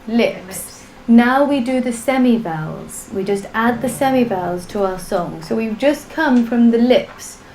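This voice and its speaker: A woman's voice: on the high side, expressive, unhurried, few pauses, darkish tone, slight background noise. A woman teaching a live-streamed class, patiently chanting syllables in a sing-song and joking with her students. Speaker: language teacher. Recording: echoey room with music behind.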